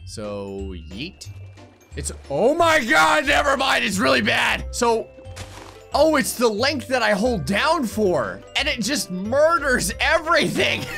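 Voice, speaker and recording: A man commentating his own Minecraft play, excitable, yelping and laughing at the chaos. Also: extremely high pitch, takes it slowly, vocal fry, soft background music. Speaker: gaming YouTuber.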